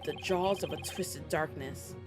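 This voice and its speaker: A woman's voice: low voice, a little slow, voice pushed down. A woman voicing a young male defense lawyer's solemn, dramatic inner narration, over game music. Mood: grim.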